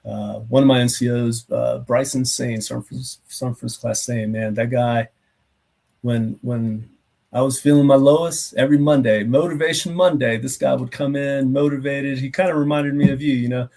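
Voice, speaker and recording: A man's voice: medium pitch, steady tone, normal speed, vocal fry, warm tone. Middle-aged man, reflective, full of fillers. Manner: reflective, many filler phrases. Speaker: guest, retired army officer. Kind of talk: casual interview chat. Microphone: video call.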